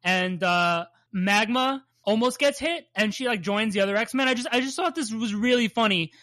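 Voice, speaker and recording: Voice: mid-range voice, normal speed, a bit bright, no room sound. A podcast co-host recapping a cartoon episode in a rambling, jokey way, laughing often and swearing casually. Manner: laughs often and plays up bits.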